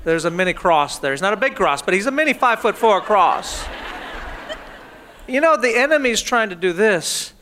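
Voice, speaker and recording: A high, bright male pastor preaching with a playful storyteller's touch. He slips into little voices for the people in his stories and keeps checking in with the crowd. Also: sing-song, moderate pace, a little hiss or hum. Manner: humorous storytelling, acts out everyday scenes. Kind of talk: sermon.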